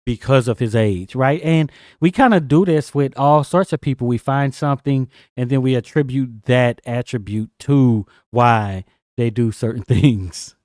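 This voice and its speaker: Man, podcast co-host, reflective and questioning, mid pitch, dry sound. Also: measured pace, a little mellow, dry recording. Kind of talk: casual film discussion.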